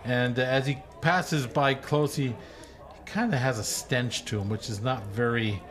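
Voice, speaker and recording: A man's voice: mid-range voice, steady tone, normal speed, fairly bright tone. A man narrating a tabletop game as game master, loose and hesitant with many fillers.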